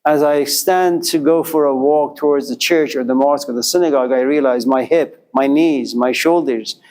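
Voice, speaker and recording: A man's voice: mid-range voice, moderate pace, darkish tone. A man lecturing to a class, telling a life story in a repetitive, rhythmic way with quoted inner voices.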